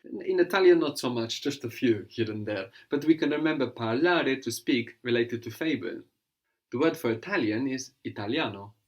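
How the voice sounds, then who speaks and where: A man's voice: mid-range voice, animated, normal speed. A man teaching a language lesson, patiently explaining words and prompting his student to translate.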